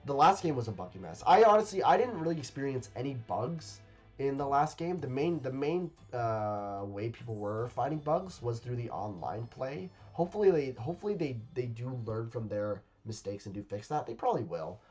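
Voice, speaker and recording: A man talks through a game trailer in a loose, rambling way, stopping and starting with fillers and repeated words. His voice sits at a middling pitch, and faint music plays under it. He sounds like he is recorded on a home webcam setup. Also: very animated, moderate pace, darkish tone, breathy edge. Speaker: video creator reacting to a game trailer. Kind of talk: casual reaction commentary.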